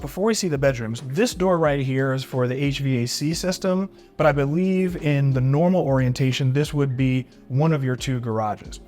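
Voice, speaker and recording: An enthusiastic man walks through a large house, showing off each room in a bright, upbeat tour. His voice sits a touch higher than most men's. He keeps calling things neat and beautiful, and faint music plays behind him. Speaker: real estate agent giving a home tour. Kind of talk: walkthrough home tour vlog.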